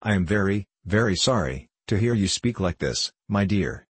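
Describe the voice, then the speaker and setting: A man voicing a timid, submissive wife who speaks gently and falteringly. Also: fairly low pitch, lively intonation, moderate pace, husky, dry recording. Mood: tender.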